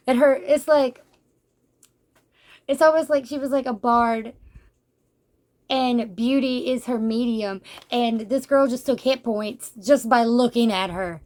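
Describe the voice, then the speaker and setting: A woman chatting casually as she reviews a manga, animated and laughing, acting out the characters' lines. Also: on the high side, measured pace. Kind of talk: casual book review chat.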